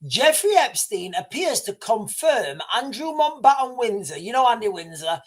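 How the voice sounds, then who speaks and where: A man hosting a livestream, reading breaking news aloud live. He is excitable, swears freely, and stammers and restarts his sentences. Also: extremely high pitch, moderate pace. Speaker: livestream host.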